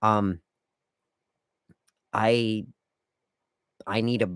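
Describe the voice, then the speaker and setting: A man with a fairly low voice hosts a casual solo podcast, recorded close and dry with no room sound. He lays out rules in a wry, lightly lecturing way. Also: level tone, drawn-out words, a bit bright, clean tone, dry recording. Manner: wry, lecturing etiquette tips. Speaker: podcast host.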